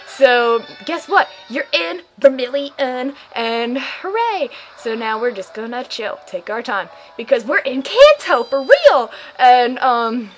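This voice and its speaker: A woman's voice: fairly high pitch, rough recording. Sarcastic woman narrating a game playthrough. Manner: sarcastic, playfully mocking, acts out characters' lines. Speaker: gaming channel host. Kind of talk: casual game playthrough commentary.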